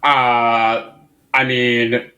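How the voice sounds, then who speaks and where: A young man in easygoing podcast banter. He drops jokes deadpan and keeps the chat moving. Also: mid-range voice, very slow, dull audio. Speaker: podcast co-host, guitarist. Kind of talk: casual chat.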